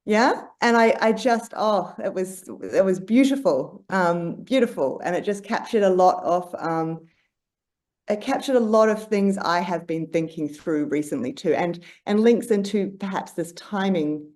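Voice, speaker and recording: A woman's voice: mid-range voice, measured pace, darkish tone. A woman speaking as a podcast guest, reflective and searching for words, with many fillers and restarts. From Australia. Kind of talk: reflective conversation.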